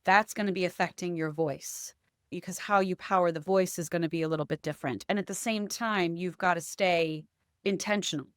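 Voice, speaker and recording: Low-voiced woman voice coach explaining. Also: brisk, clear, resonant tone, no room sound, clean studio sound. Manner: explanatory, often adds "right?". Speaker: voice and accent coach. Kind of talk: conversational interview.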